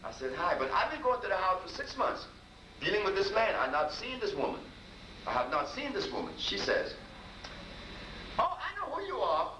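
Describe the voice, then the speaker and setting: A man's voice: high voice, very animated, a little fast, sharp tone. A man giving a storytelling lecture as a healer, folksy and repetitive, acting out dialogue. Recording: echoey room, distant mic, noisy.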